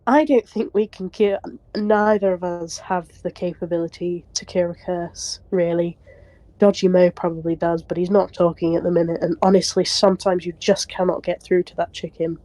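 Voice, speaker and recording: A woman's voice: lowish voice, fairly even intonation, moderate pace, mellow, dry recording. A woman playing a tabletop game, hesitant, laughing often and trailing off. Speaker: player.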